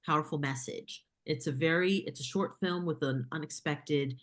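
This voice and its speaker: Low-voiced woman telling a lively anecdote. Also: moderate pace. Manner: lively storyteller, acts out quoted voices, many fillers. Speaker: filmmaker guest. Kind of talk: casual interview anecdote.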